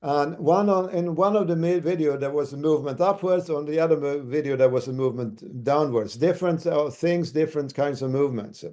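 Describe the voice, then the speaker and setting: Halting man giving a mellow-voiced lecture. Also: a little high. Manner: halting, with many restarts. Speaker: university lecturer. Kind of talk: academic lecture.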